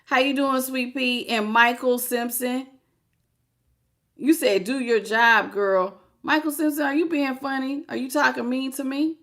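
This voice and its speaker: A woman with a fairly high voice gives a live tarot reading. She talks in a lively, slangy, casual way. She laughs often and greets her viewers by name as she goes. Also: normal speed. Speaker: tarot reader.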